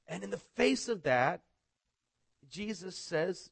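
A man's voice: high-pitched, expressive, unhurried, vocal fry, husky, no room sound. Male pastor, middle-aged, sermon delivery, chatty, stumbling repeats, dry sound. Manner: conversational, repeats words, often asks "right?".

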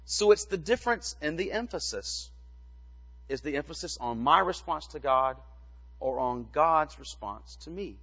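Male pastor, slightly high voice, patient teaching sermon, long hall reverb, muffled recording. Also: expressive, pushed and bright, breathy edge. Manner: measured teaching with rhetorical questions.

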